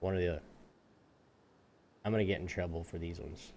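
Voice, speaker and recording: A man co-hosting a gaming podcast, telling a long anecdote in a casual, animated way and acting out the people in it. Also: sits low, brisk, a little hiss or hum. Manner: animated, acts out voices in anecdotes. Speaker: podcast co-host. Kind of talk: casual storytelling.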